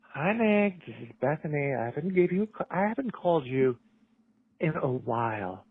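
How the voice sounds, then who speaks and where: A man doing a hoarse, crude woman on a tinny voicemail. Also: a little high, sing-song, normal speed. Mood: brash. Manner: crude and brash. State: hoarse, wheezy. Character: crude, brash woman caller.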